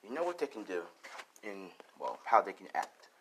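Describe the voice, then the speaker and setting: Dude playing a stern old warrior queen, low and measured, kinda quiet. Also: sing-song, slight background noise, full character voice, poor audio. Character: stern old Amazon queen, distrustful of men.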